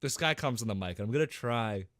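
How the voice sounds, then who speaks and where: Animated, bright-voiced young man telling gaming stories. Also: mid-range voice, fast, dry recording, studio quality. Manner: animated storyteller, swears freely, acts out voices and gunfire. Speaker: podcast co-host. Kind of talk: casual gaming story chat.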